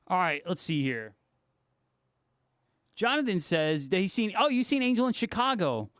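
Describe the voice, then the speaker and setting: A man's voice: high-pitched, sing-song, normal speed, a bit bright, dry recording, studio quality. Laid-back, foul-mouthed male livestreamer. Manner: laid-back, swears freely, laughs often. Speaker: livestream host and guitarist. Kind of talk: casual chat reading viewer comments.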